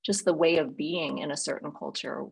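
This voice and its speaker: A woman's voice: sits low, steady tone, moderate pace, vocal fry, husky, rough recording. A woman hosting a casual conversation, talking in a reflective, thoughtful way.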